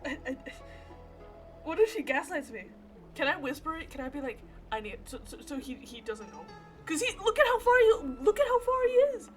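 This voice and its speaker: A woman's voice: high voice, big pitch swings, a little fast, soft background music. A young woman streaming a game, reacting nervously, swearing and laughing. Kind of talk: live gameplay commentary.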